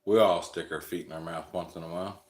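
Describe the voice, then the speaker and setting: Very deep-voiced man rambling crudely. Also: steady tone, fast, roomy sound. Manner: rambling, crude jokey humor, chuckles often. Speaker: live stream host. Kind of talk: casual storytelling chat.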